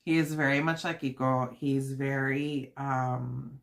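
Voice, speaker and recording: A woman's voice: rumbling low, fairly even intonation, unhurried, hardly any pauses. A woman hosting a casual home livestream, chatting to her viewers and laughing often while she makes treats in the kitchen. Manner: chatty and giggly, full of fillers and quoted asides. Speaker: livestream host.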